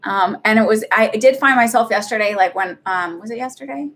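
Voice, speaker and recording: A woman's voice: fairly high pitch, fairly quick, fairly bright tone. Middle-aged woman host, rambling casual livestream chat, filler-heavy storyteller. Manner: chatty and rambling, with frequent fillers and laughs. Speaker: psychic medium livestream host.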